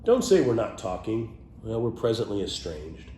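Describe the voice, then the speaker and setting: A man with a lowish voice talks casually and playfully about words he loves, now and then dropping to a muttered aside. The sound is roomy, with a faint hum behind him. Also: sing-song, moderate pace, warm tone. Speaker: vlogger sharing favorite words. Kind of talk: casual off-the-cuff monologue.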